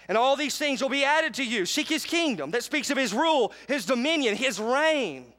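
A man's voice: extremely high pitch, bright, forceful tone. A man preaching a sermon to a live congregation, emphatic and often calling for responses. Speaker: pastor. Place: church sanctuary with live congregation.

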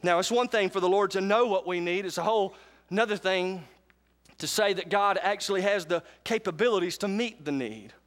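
Preaching to a live congregation in a church sanctuary, this male pastor has a high-pitched, brisk, slightly bright voice. He's emphatic and often calls out for responses.

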